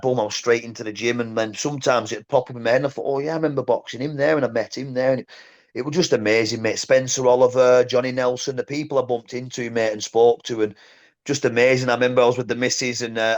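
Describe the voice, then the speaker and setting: A man, a former boxer telling stories in a casual interview, blunt and animated, often saying "mate". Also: medium pitch, muffled recording. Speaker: guest, former boxer and coach.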